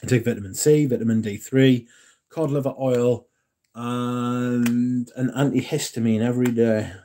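A man hosting a casual livestream, reading and answering chat in a relaxed, yawning way. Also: mid-range voice, unhurried, a little hiss or hum. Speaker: livestream host.

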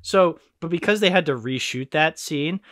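A man's voice: on the high side, normal speed, no echo, clean studio sound. A man hosting a casual film podcast, talking animatedly and swearing freely. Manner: animated, swearing, quoting film lines in put-on voices. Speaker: podcast host.

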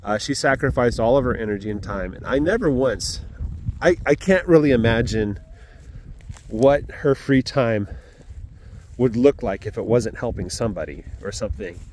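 An earnest man talking outdoors on his farm, giving a casual Sunday morning message. He speaks reflectively at a middle pitch, pausing with fillers and clearing his throat. Faint farm sounds and animals murmur behind him. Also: lively intonation, darkish tone, slight background noise. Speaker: farm vlogger.

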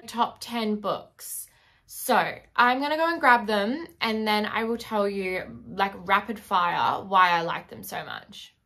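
A woman's voice: medium pitch, slow, bright, forceful tone. A young woman chatting casually as a book vlogger, gushing with enthusiasm and lots of filler words. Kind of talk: casual chat.

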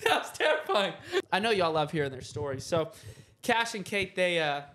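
A young man co-hosting a podcast, telling stories in a slangy, joking, animated way. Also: a little high, moderate pace. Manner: animated storytelling, slangy, jokey. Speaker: podcast co-host. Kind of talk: casual chat.

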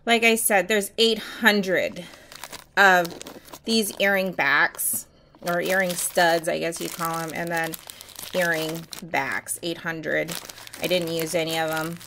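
Chatty, bright-voiced woman selling her nail supplies. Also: on the low side, little pitch movement, takes it slowly, a little hiss or hum, poor audio. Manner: chatty, rambling, candid, lots of fillers. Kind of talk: casual show-and-tell vlog.

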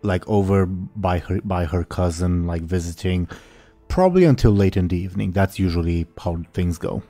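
Game master, male, deep mellow voice, hesitant rambling narration, hiccups, faint music behind. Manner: rambling, halting, many fillers. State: has the hiccups.

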